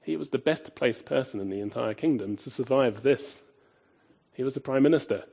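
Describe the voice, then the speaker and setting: A man preaching a sermon, emphatic, asking rhetorical questions and swinging between loud and quiet. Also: mid-range voice, moderate pace, gravelly, breathy edge, muffled recording.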